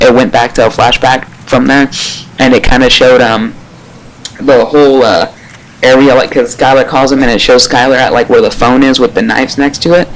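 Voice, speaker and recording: A man reviews a TV episode in a loose, rambling way. He retells scenes excitably, with plenty of fillers and casual swearing. His voice sits at a middle pitch, and faint noise hums underneath. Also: rough recording.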